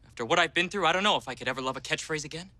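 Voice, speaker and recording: A man's voice: on the high side, racing, noisy background, lightly acted. An actor playing a goofy, theatrical sitcom father who draws comic strips. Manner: theatrical, over-the-top earnest. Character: goofy dramatic sitcom dad, middle-aged man. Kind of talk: sitcom acting.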